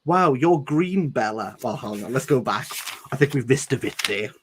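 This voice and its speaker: A book reviewer reads a novel aloud in a casual read-along, pausing between passages for sarcastic, jokey commentary. His voice is medium-pitched and animated at a moderate pace, with a noisy background.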